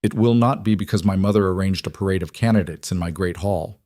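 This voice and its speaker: Fantasy audiobook role: man playing a stubborn brooding king, clipped and low, dry close sound. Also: fast talker, dark tone, no echo, close to an everyday voice. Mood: curt. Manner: curt, clipped replies. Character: brooding young male king, curt and stubborn.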